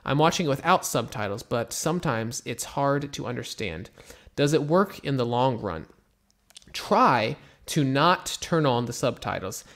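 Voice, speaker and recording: Young male English teacher, gravelly voice, easygoing live-stream lesson pace. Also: medium pitch. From United States. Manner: relaxed, slow repetitions of example phrases, mixes in Turkish.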